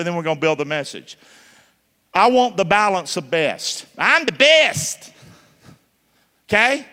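High bright-voiced pastor preaching. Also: male voice, big-room sound. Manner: call-and-response questions to the congregation; emphatic, spells words out letter by letter. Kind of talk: sermon. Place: church.

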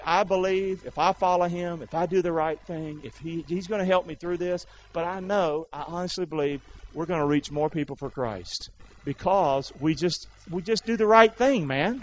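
A man pastor preaching a sermon, calling out questions for the congregation to answer and rising to shouts. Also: fairly high pitch, normal speed, dull audio.

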